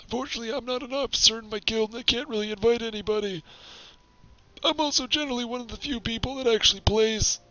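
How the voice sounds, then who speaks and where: A man's voice: very high voice, fast, bright, forceful tone, muffled recording. A man giving chatty, self-deprecating commentary while streaming a game.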